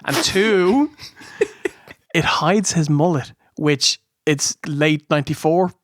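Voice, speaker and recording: A man's voice: fairly high pitch, slow, no room sound, studio quality. A man co-hosting a podcast in casual comedic review chat, with wry, sweary asides. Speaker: podcast co-host.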